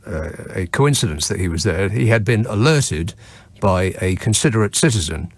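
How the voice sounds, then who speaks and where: Male talk-radio host, sardonic storyteller, animated pitch, dry close studio sound. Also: no room sound. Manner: wry, sardonic, self-mocking. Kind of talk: late-night radio storytelling monologue. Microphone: studio microphone.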